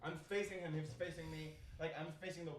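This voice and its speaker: A man's voice: fairly high pitch, fast talker, a little hiss or hum. A young man from China, a comedian telling a story in casual, profane talk with many restarts. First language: Chinese. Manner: animated, profane, frequent restarts. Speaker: comedian guest.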